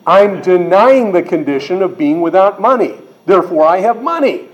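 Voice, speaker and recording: A man's voice: high-pitched, animated, normal speed, few pauses, muffled recording. Man preaching a Bible sermon. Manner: explanatory, acts out small quoted voices. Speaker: pastor.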